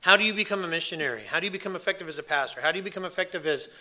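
A man's voice: sits high, very fast, sharp tone. A man preaching an earnest sermon, emphatic and repeating phrases for weight. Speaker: pastor.

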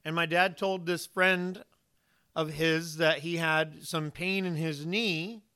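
Bright, clear-voiced man preaching a sermon. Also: on the high side, slow pace. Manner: animated storytelling, acting out quoted voices. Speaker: pastor.

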